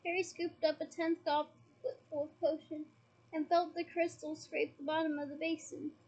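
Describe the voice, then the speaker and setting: A woman's voice: high-pitched, flat delivery, normal speed, darkish tone. A woman reading a novel aloud with dramatic expression and chatty asides to her listeners. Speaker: audiobook reader.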